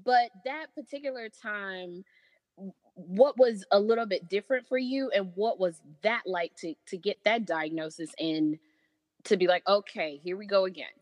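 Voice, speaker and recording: A woman interviewing a friend, asking warm, rambling questions full of fillers. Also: medium pitch, normal speed, no echo, long reverb tail. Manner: supportive, filler-heavy questioning. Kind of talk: conversational interview.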